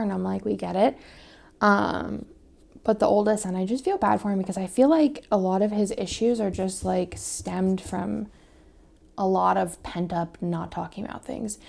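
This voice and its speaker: Gravelly-voiced woman chatting casually. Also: mid-range voice, mellow. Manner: chatty, rambling, many fillers; drops to a whisper at times. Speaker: planner vlogger. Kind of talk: casual chat while decorating a planner.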